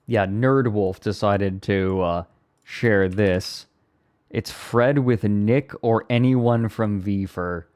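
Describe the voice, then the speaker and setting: A male streamer chats at an unhurried pace in a lowish voice. He rambles from one thing to the next and keeps amusing himself. It sounds like a casual live stream from a home setup. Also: a little mellow, clean tone. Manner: rambling, self-amused, breaks into laughter.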